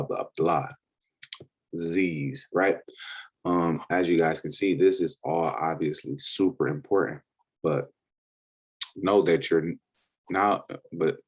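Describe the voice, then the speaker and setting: A man's voice: low voice, a little mellow. A man hosting a casual trading lesson, talking to viewers as "guys" and repeating himself. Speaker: trading educator and podcast host. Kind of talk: casual screen-share lesson.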